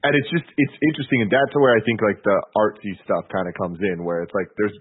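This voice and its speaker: Low thoughtful man, phone-like audio. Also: animated, quick pace, breathy edge. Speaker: podcast co-host. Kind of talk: casual chat.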